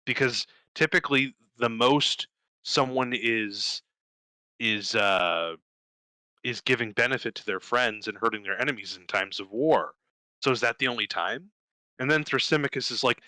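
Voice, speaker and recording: A young man co-hosting a podcast, casually telling a profane, animated story and voicing the characters in it. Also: mid-range voice, moderate pace, clean tone, dry recording, poor audio. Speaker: podcast co-host. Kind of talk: casual chat.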